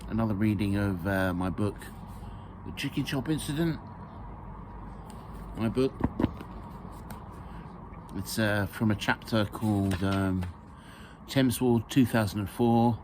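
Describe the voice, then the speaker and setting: A man's voice: on the low side, noisy background. A man reading his own memoir aloud, hesitant with fillers and a dry sense of humour.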